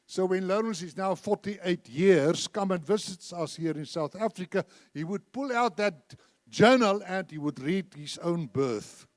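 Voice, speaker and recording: Older male preacher in his seventies, high voice, dry close sound, lively storytelling sermon. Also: measured pace, dry recording. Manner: animated storyteller, acts out dialogue. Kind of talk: sermon with told anecdotes. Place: church.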